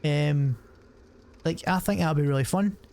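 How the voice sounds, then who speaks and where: A man's voice: a little high, a little slow, darkish tone. A young man, chatting casually and rambling while he streams a game, swearing often and restarting his sentences. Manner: rambling and profane, many fillers and restarts. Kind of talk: casual chat while gaming.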